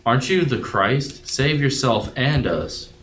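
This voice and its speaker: A man's voice: medium pitch, lively intonation. A man reading scripture aloud at a Bible study, then reflecting on it in an earnest, thoughtful way. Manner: earnest and reflective, with some halting restarts. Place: room at a group Bible study. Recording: echoey room with loud background noise.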